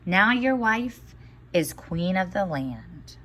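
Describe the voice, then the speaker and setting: A woman teacher voicing a magic talking fish in a storybook read-aloud, stern and deliberate. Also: mid-range voice, very animated, a bit bright, heavily acted.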